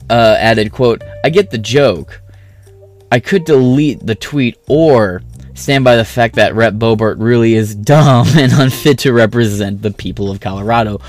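A man's voice: lowish voice, a little mellow. A man casually reading news articles aloud and breaking in with sarcastic, profane asides. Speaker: political commentary streamer.

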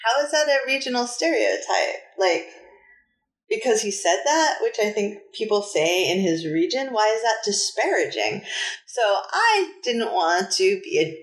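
A woman from New England co-hosting a podcast, telling a story in casual chat with emphatic, animated delivery. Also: mid-range voice, measured pace, echoey room. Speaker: podcast co-host.

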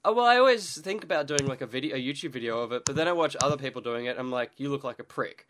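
A man co-hosting a casual podcast chat, still groggy after a late night. He talks in a halting, chatty way, restarting sentences and breaking into quick laughs. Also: medium pitch, animated, a bit bright. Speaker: podcast co-host.

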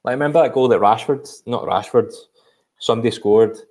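A man's voice: medium pitch, a little fast, a little mellow. A Scottish man co-hosting a podcast, chatting casually about football in a rambling, hesitant way with lots of fillers. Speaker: podcast co-host.

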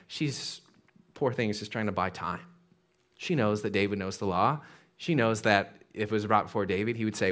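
A man's voice: on the low side, a little fast, a bit bright. A man preaching a sermon as a pastor, conversational and casual with slang.

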